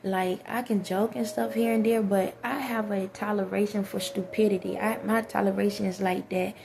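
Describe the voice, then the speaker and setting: A woman's voice: medium pitch, fairly even intonation, normal speed, creaky, noisy background. A woman vlogger in a casual spiritual monologue, talking emphatically straight to her viewers and repeating her points.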